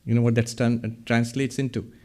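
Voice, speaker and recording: A man's voice: medium pitch, little pitch movement, normal speed, mellow. Man lecturing with rhetorical questions. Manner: explanatory, asks the audience rhetorical questions. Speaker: lecturer on Vedanta. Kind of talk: public lecture. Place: hall with a podium. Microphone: speaking at a podium.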